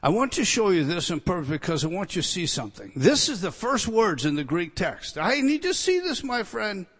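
A male pastor delivering an emphatic sermon with a notably high voice. He repeats key phrases and swings from loud declarations to quiet, hushed asides. The sound carries the long reverb of a large hall. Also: big pitch swings, a little fast, slightly rough.

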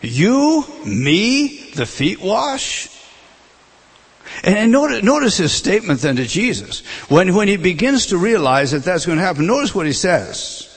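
Male preacher, husky voice, emphatic sermon delivery that stumbles and restarts, rising loud then dropping soft. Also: high-pitched, big pitch swings, brisk, hardly any pauses. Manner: emphatic, repeats words and restarts, swings between loud and hushed.

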